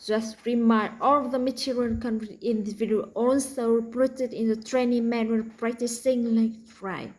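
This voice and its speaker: A woman with a Vietnamese accent teaching a pronunciation lesson, slowly repeating practice words for learners. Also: fairly high pitch, fairly even intonation, a little mellow, low-quality recording.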